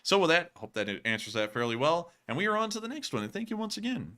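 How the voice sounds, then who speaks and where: A man's voice: fairly high pitch, big pitch swings, fast, bright, forceful tone. A man hosting a livestream news chat, answering viewer questions in a rambling, conversational way with a sore throat. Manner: rambling, conversational, many fillers. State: sore throat, about to cough. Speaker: host.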